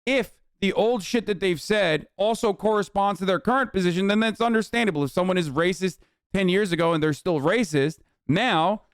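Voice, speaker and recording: A male streamer in his thirties rants on a livestream, heated, sarcastic and quick to swear. His voice sits high and smooth. The close mic leaves the sound dry. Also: no echo. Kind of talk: ranting livestream commentary.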